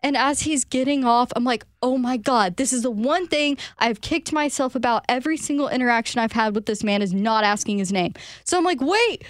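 A woman's voice: a little high, brisk, hardly any pauses, dry recording, clean studio sound. A young adult woman hosting a radio show, telling a story with laughter and acting out the lines she quotes.

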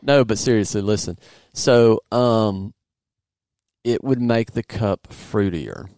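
Smooth-voiced man hosting a podcast, jokey. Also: fairly low pitch, slow pace, a little mellow, no room sound. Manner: jokey, rambling, searches for words. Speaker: podcast host. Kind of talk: casual podcast chat and interview.

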